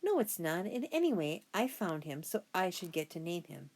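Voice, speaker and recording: Woman playing an eager little boy, high and whiny, bouncy storybook voice. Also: big pitch swings, moderate pace, darkish tone. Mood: pleading. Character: excited pleading young boy.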